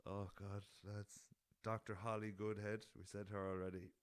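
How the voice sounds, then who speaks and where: Deep-voiced Irish man, casual podcast chat. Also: flat delivery, moderate pace, clear, resonant tone, dry recording. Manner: laughing at his own jokes, swears freely, rambling. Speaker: podcast host.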